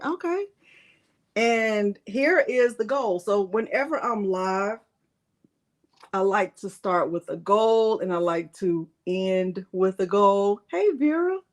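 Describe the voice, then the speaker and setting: Woman in her sixties, livestream host, higher-pitched, chatty and playful. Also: darkish tone. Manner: chatty, greets viewers by name, playful fussing. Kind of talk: live Q&A chat, reading viewer comments.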